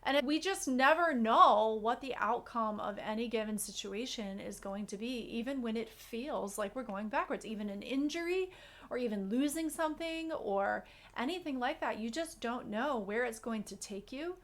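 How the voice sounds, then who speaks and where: A woman co-hosting a podcast in casual chat, telling stories in a reflective, animated way. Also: a little high, moderate pace. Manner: storytelling, reflective, animated asides. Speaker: podcast co-host.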